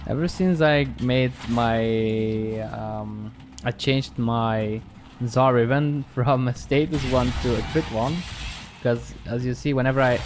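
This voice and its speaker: A man giving casual, relaxed commentary over his own gameplay, pausing often with ums and restarting sentences. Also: medium pitch. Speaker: gaming channel host. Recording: clear background noise.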